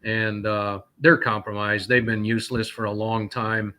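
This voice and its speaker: A man's voice: lowish voice, little pitch movement, moderate pace, bright, forceful tone, a little hiss or hum. A man from North Carolina, a trucker and guest, talking indignantly and rambling with many fillers. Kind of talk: casual call-in talk, telling stories.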